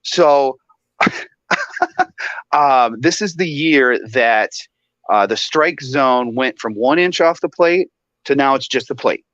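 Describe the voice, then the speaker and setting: A man on a casual talk show, animated and laughing often as he tells a story. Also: mid-range voice, slow pace, pauses often, no room sound, highs cut off. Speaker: guest.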